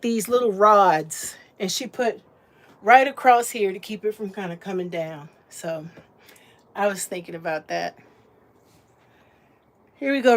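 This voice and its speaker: A woman's voice: mid-range voice, a bit bright. A woman, likely a grandmother, giving a casual, homey walkthrough of her small camper while filming as she walks. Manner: chatty, homey, fond of the word little. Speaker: vlogger giving a camper tour.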